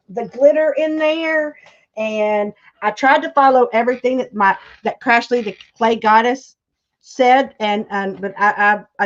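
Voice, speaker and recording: On a livestream, a YouTube crafter chats casually and gushes about her crafts, reading the chat aloud and saying "y'all" a lot. Her voice is on the high side and the audio sounds lo-fi.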